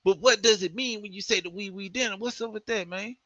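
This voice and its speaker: A man's voice: high voice, fast talker, pushed and bright, no room sound. A man hosting a casual interview, laid-back and agreeable with lots of slang. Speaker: interview host. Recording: dull lo-fi audio.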